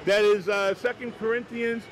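A man arguing back on a city street with a fairly high voice. He answers in short, stubborn bursts, repeating the same objections over and over. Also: steady tone, normal speed, a crowd in the background. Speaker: Christian debater. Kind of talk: heated street debate.

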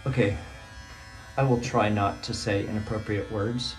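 A man's voice: fairly low pitch, steady tone, unhurried, over music. A middle-aged male teacher talking casually to his phone from a small bathroom, nervous and rambling, exclaiming to himself as he goes. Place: small bathroom, sitting in a bathtub. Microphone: phone propped nearby.

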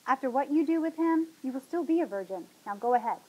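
A woman's voice: high voice, lively intonation, fast, breathy edge, highs cut off, pitched above the performer's own voice. A woman reading a novel aloud, voicing a sleazy, pushy male club booker in a taunting way.

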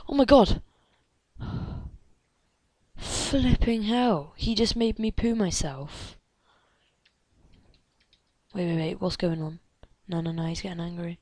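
An excitable woman narrating her game in a slow, unhurried let's play commentary, gasping and chattering at the characters on screen. Her voice sits a little low and sounds dry and close, and she often drops into hushed whispers. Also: no echo. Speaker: gamer.

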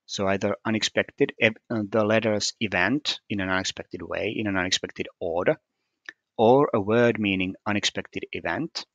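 A man with a fairly low, slightly bright voice talks at a normal speed, and the recording is lo-fi with no room sound. In a screen-recorded puzzle walkthrough, he explains the solution step by step, methodical but hesitant and full of fillers.

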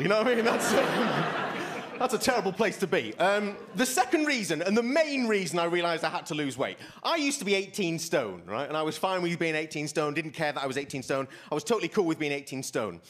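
A man's voice: high voice, fairly bright tone. A young man doing stand-up on a live stage, self-deprecating and chatty, tripping over his words on the way to each punchline. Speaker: stand-up comedian. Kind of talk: stand-up comedy set. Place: live stage before a laughing audience. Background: audience laughter.

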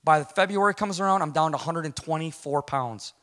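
Fast, bright-voiced man telling his story. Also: fairly high pitch. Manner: storytelling, acts out quotes, casual slang. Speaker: guest speaker giving a testimony. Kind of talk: animated spoken testimony.

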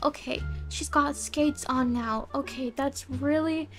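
High-voiced woman narrating a game. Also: takes it slowly. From Australia. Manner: chatty, soft, addressing viewers directly. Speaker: game role-play creator. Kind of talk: narrated game role-play talking to viewers. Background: faint music.

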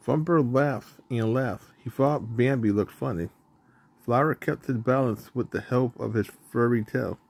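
A man reading a children's storybook aloud in a plain, even narrating manner, with the odd stumble. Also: medium pitch, a little slow, creaky, husky.

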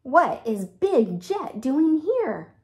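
Woman doing young pirate boy, hearty pirate talk, storybook voice, lively pitch. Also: very slow, full character voice. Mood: alarmed.

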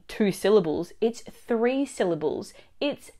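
A woman teaching a language lesson, explaining phrases and their pronunciation clearly and slowly. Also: a little high, sing-song, mellow. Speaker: Italian teacher.

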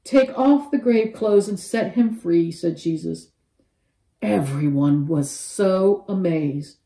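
A woman leads a children's Bible lesson in a mellow, warm voice, acting out each character as she tells the story. The room gives her voice a noticeable echo. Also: lowish voice, slow pace, gravelly. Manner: animated storyteller with expressive quoted voices.

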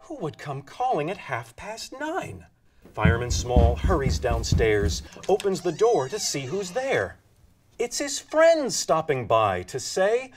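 A man reads a rhyming children's picture book aloud, unhurried and fairly high-pitched. His voice swings up and down in a lively sing-song and turns soft and hushed for the bedtime parts. There is noticeable hiss and some clicks behind him on the recording. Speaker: storybook reader.

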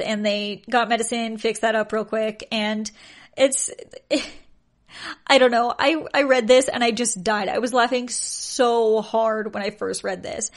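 A young woman hosting a podcast, telling odd stories in a casual chat and often laughing in disbelief. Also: fairly high pitch. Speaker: podcast host.

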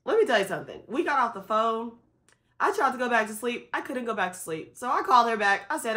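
A woman's voice: a little high, fast. A young adult woman vlogging candidly and tearfully, tired from a sleepless night, talking straight to her viewers. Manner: candid and expressive, addresses viewers directly as y'all. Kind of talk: emotional personal vlog talk.

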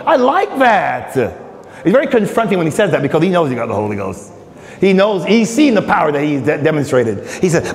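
A man preaching a relaxed Bible study in a church hall. His voice sits high and swings widely in pitch, and it rings with long reverb. He keeps teasing people in the pews by name. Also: brisk. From Australia. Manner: joking, teasing the congregation by name. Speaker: pastor. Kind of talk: conversational Bible study sermon.

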